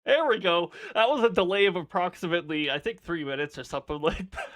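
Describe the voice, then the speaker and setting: A man's voice: high voice, lively intonation, a little fast, bright, forceful tone, a little hiss or hum. A man chatting casually on a live stream, laughing often and reading off weather details.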